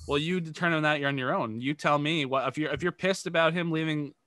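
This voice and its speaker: A man's voice: on the high side, fast talker, over a noisy crowd. A man on a podcast, coaching improv in a rambling, casual way with lots of fillers.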